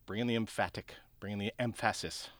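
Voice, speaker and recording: A man's voice: fairly low pitch, steady tone, brisk, fairly bright tone. A man from Pennsylvania co-hosting a casual podcast, wryly rating his partner's jokes. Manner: wry, rates jokes dryly. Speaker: podcast co-host. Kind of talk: casual chat.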